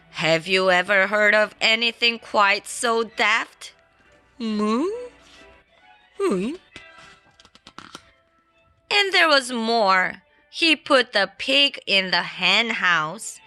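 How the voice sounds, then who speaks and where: A woman reading a children's storybook aloud in a playful, expressive way. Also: medium pitch, smooth. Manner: playful and expressive, adds sound effects. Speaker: storybook reader. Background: faint classical background music.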